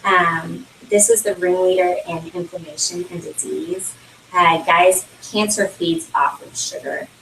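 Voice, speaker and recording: A young woman, a consultant at a launch party, gives a casual product talk at a home party, chatting away with lots of fillers and frequent laughter. Her voice is on the low side, creaky and fairly bright, with fairly even intonation and a measured pace. The distant camera audio sounds roomy, with slight background noise.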